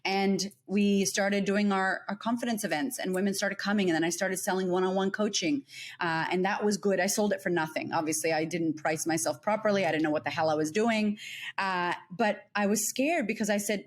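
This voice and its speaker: Animated American woman telling her story. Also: mid-range voice, brisk. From United States. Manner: animated, acts out quoted dialogue. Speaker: guest, confidence coach. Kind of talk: candid interview storytelling.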